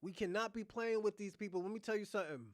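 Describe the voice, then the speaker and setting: High-voiced man ranting on a livestream. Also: quick pace, no echo, clean studio sound. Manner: blunt, profane, rambling rant. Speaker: host of a reaction livestream. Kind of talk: casual livestream commentary.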